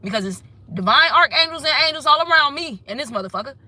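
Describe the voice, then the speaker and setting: A woman's voice: high voice, animated, quick pace, bright, forceful tone, dry recording. A woman giving a casual tarot reading, sassy and emphatic, swearing and repeating her points. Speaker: tarot reader.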